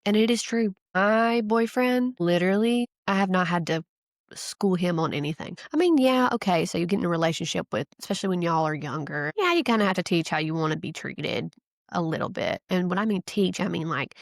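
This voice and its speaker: Gravelly-voiced woman podcast host, chatty. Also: fairly low pitch, a little fast, no room sound, clean studio sound. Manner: chatty, giggly, animated storyteller. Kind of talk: casual solo podcast chat.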